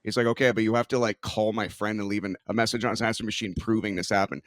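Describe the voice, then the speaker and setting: A man in his forties co-hosts a casual podcast, his voice sitting a little low. He tells long stories with eager enthusiasm, recorded close and dry with no room sound. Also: steady tone, quick pace, few pauses, no echo. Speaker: podcast co-host.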